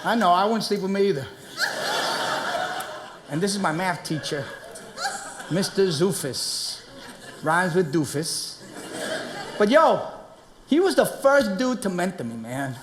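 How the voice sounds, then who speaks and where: A brash New man works a theater crowd in a one-man comedy show, talking streetwise and animated. The stage sound is roomy, with noise all around him. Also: high-pitched, moderate pace, long pauses. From Queens, New York. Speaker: comedian and actor.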